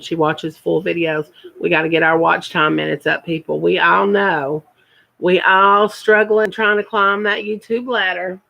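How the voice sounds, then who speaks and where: A woman's voice: lowish voice, vocal fry, a bit bright, poor audio. A woman, chatting casually on her first live stream and repeating words for emphasis.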